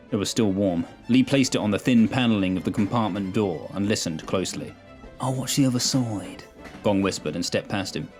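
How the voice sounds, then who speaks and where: A man with a low voice narrates a sci-fi story in measured, steady sentences. Quiet music plays beneath his reading. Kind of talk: scripted narration of an audio story.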